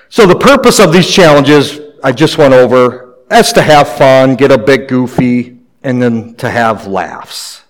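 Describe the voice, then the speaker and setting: A pastor preaching a sermon in a conversational way, with light humor. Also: male voice, mid-range voice, rough recording.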